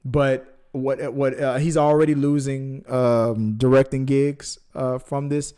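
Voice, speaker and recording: A man's voice: mid-range voice, little pitch movement, takes it slowly, mellow, clear, resonant tone. A man co-hosting a casual movie podcast, rambling and joking as he talks through the news. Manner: jokey, rambling, self-correcting. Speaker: podcast co-host.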